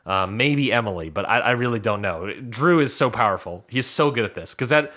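A man's voice: mid-range voice, expressive, brisk, fairly bright tone. A man co-hosting a podcast, chatting casually and animatedly as he recaps episodes and acts out what people said. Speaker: podcast co-host.

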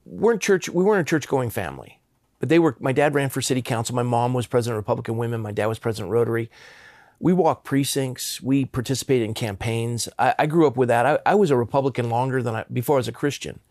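A man's voice: mid-range voice, fast talker, darkish tone, no echo, clean studio sound. Earnest, stammering middle-aged storyteller man. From Southern California. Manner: earnest, emphatic, with frequent stammered restarts. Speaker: guest. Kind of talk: personal storytelling.

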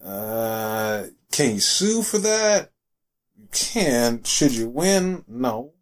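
A man's voice: medium pitch, drawn-out words. Guy cussing and telling stories in casual chat, middle voice. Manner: profane, animated storytelling with slang.

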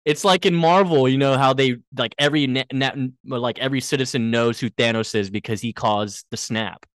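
A man co-hosting a podcast, chatting casually and joking about a TV episode, breaking into quick character impressions. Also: mid-range voice, dry recording, clean studio sound. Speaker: podcast co-host. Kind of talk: casual chat recapping a TV episode.

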